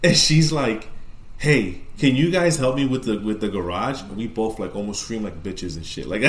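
A man's voice: on the low side, moderate pace, reverberant. A man casually telling a spooky story on a podcast, rambling and swearing, with lots of fillers. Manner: profane, rambling, animated retelling. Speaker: podcast co-host.

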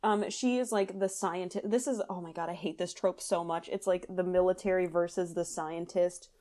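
A woman's voice: lowish voice, steady tone, moderate pace, dark tone. Giggly woman co-host chatting. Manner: laughs often, talks in loose asides. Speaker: podcast co-host. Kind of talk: casual chat reviewing a movie.

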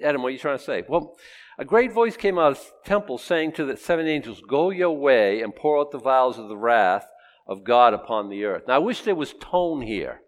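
A man's voice: mid-range voice, animated, normal speed. Man preaching in a chatty teaching tone. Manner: conversational, asks and answers his own questions, acts out quotes. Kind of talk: sermon, Bible teaching.

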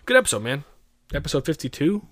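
A man's voice: a little high, very animated, fairly bright tone. A young man hosting a podcast, chatting casually and profanely, rambling through stories with lots of slang. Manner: fast, profane, rambling storyteller. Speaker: podcast host.

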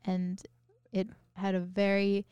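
Give me a young woman with a very clear, smooth voice, talking thoughtfully in a casual chat. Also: medium pitch, completely flat delivery, slow pace, mellow, no room sound, muffled recording. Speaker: podcast co-host.

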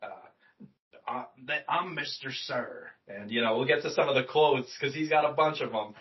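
A young man co-hosting a casual movie podcast, relaxed and swearing, often trailing off with fillers. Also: mid-range voice, normal speed. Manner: laid-back, swears freely, trails off with fillers. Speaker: podcast co-host. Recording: distant mic, dull lo-fi sound.

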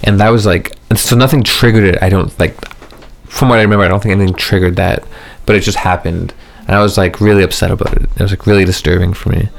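Low gravelly man telling a rambling story. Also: steady tone, fast. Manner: rambling, filler-heavy storytelling; swears casually. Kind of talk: casual podcast chat.

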